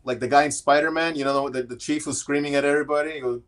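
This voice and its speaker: A man's voice: on the high side, fairly even intonation, rapid-fire, fairly bright tone. A man, a guest in an interview, talking candidly and earnestly about his own work life and slipping into quoted voices as he tells it. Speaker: guest, AI strategist. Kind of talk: conversational interview storytelling.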